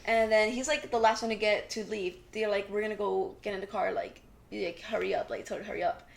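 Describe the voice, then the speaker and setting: A young podcast co-host with a medium-pitched voice and vocal fry talks fast as she retells a TV episode. Her casual, animated storytelling includes acted-out quotes and frequent "like."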